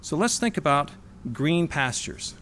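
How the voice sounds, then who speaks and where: A man giving a sermon in a church, stressing single words and slowing on key phrases. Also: on the high side, sing-song, a bit bright, slight background noise. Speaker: sermonette speaker. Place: church hall.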